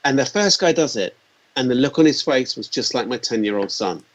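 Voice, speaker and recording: A man in his forties telling animated anecdotes as an interview guest, acting out the quotes. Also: mid-range voice, a little fast. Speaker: guest, company founder. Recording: dull lo-fi sound.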